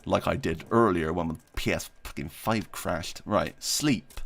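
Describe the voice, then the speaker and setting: A low, creaky, slightly bright voice, a little slow, belongs to a man chatting casually on a livestream. While playing, he reads viewer questions aloud and answers them, rambling, self-deprecating, and laughing often.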